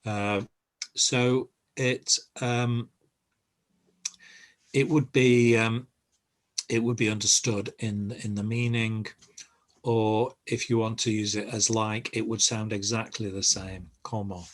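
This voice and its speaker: Older man, language teacher, very slow, patient and halting, video call audio. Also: on the low side, flat delivery. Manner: patient, halting explanations with many pauses. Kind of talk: online group lesson.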